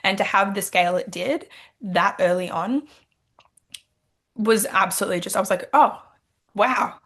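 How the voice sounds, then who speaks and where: Animated young Australian woman telling a story. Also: medium pitch, moderate pace. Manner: animated storytelling, quoting her own thoughts. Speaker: pageant titleholder guest. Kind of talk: casual interview chat.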